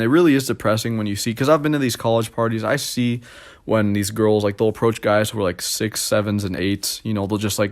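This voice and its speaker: Young adult man, slightly low voice, rambling self-deprecating vlog monologue. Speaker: vlogger. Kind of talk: casual monologue.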